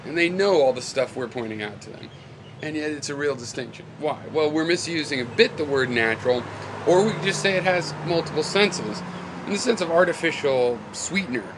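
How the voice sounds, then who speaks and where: Rambling man over steady background noise. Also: mid-range voice. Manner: rambling, thinking aloud with many fillers and restarts. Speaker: video blogger replying to a commenter. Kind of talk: casual spoken reply.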